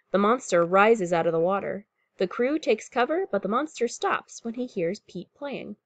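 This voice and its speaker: A woman's voice: mid-range voice, no echo. A woman teacher reading a picture book aloud to pupils and explaining what the story shows. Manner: warm, clear classroom explaining.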